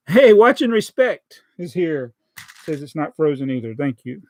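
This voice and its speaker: Man, Southern American accent, high-pitched, chatty live-stream host, joking, dry close sound. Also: big pitch swings, takes it slowly, a little mellow, dry recording. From Southern United States. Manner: chatty, joking, reads viewer comments aloud. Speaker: livestream host building a toy set. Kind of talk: casual live-stream chat.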